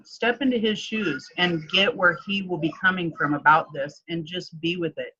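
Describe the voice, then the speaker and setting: A woman coach telling a personal story in a casual interview, animated and chatty, often acting out what others said. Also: on the low side, highs cut off. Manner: animated, acts out quoted dialogue, frequent "like". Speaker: guest, transformation coach.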